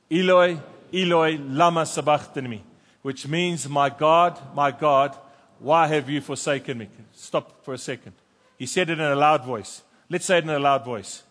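Pastor guy preaching hard, bit high voice, big churchy reverb. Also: normal speed. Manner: impassioned preaching, loud emphatic scripture reading. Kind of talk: sermon. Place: church sanctuary.

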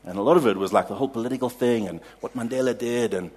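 A South African man preaching a sermon, telling a lively personal story and laughing at his own anecdotes before drawing a lesson. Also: mid-range voice, racing, slightly rough. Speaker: pastor.

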